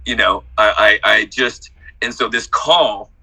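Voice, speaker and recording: Profane, exuberant man with a bright voice. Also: measured pace, breathy edge, poor audio. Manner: profane, exuberant, hype-man energy swinging from low confession to shouting. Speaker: workshop participant. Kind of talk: emotional testimonial on a group video call.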